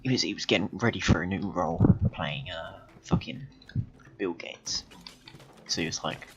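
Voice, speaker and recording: A man rambling through an absurd, deadpan story with frequent swearing while commentating on a game. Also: deep voice, moderate pace, creaky, muffled recording. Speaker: gaming video host. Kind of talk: rambling comedic gameplay commentary.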